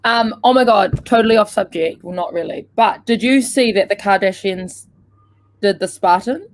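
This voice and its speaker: A woman's voice: medium pitch, normal speed, slight background noise. A woman co-hosting a casual chat, giggly and chatty, often trailing off mid-sentence. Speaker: podcast co-host.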